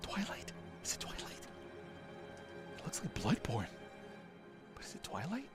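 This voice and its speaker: A man streaming a live reaction, talking in an excitable, exclaiming and rambling way. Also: mid-range voice, unhurried. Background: loud presentation audio and music.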